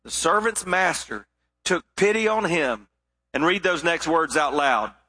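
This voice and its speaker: A male pastor preaching with a high, bright, ringing voice. He tells the story with lively expression and now and then sinks into hushed, weighty emphasis. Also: a little slow. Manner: expressive storytelling delivery with sudden drops to quiet emphasis. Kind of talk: sermon.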